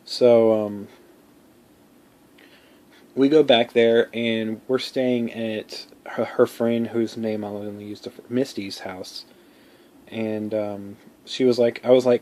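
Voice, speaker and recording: A man's voice: on the low side, a little mellow. A man telling a personal story in a casual vlog, rambling, with many fillers, restarts and some swearing.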